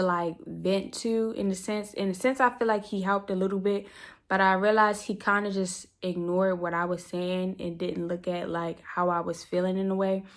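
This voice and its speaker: A woman's voice: lowish voice, a bit bright. A young woman in a casual storytime vlog, talking straight to her viewers in an emphatic, slangy way. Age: young adult. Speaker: vlogger.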